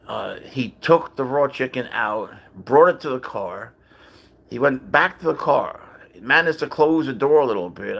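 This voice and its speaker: A man with a gravelly voice at a middle pitch hosts a casual livestream. He tells a long story in a loose, rambling way, swearing often and breaking off to greet viewers in the chat. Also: fairly bright tone. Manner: rambling, profane, chatty with viewers. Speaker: livestream host and cat owner.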